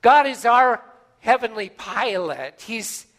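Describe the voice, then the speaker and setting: A man preaching a sermon as a pastor, telling a story with gentle pauses and soft, hushed emphasis in a folksy, unhurried manner. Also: very high-pitched, animated. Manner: folksy, with frequent uh fillers.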